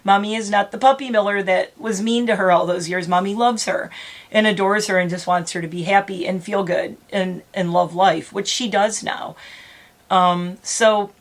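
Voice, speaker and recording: A middle-aged woman talks into her camera at home, earnest and rambling, often correcting herself. Her voice sits at an ordinary middle pitch and she sounds close to tears. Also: fairly even intonation, moderate pace. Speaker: vlogger. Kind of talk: emotional casual vlog.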